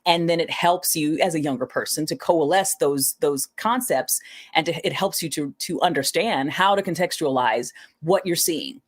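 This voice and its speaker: A woman with a very low voice, guesting on a podcast as an online creator. She speaks in a thoughtful, casual way, often restarting phrases as she works through her ideas. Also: normal speed. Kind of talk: casual conversation.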